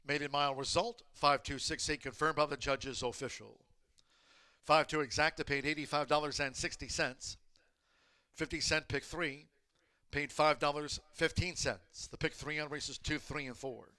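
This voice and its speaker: A male horse racing announcer delivers results and race calls in brisk, clipped phrases. His voice is bright and clean, sitting a bit high for a man. The sound is close and dry. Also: fairly even intonation, clear, resonant tone, no echo. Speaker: track announcer.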